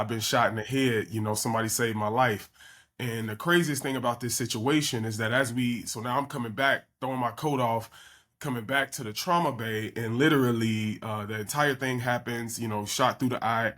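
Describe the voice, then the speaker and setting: A young man from the South Side of Chicago, a guest physician who tells his stories in a relaxed, conversational way with lots of fillers. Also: lowish voice. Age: young adult. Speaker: podcast guest, emergency physician. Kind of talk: casual storytelling interview.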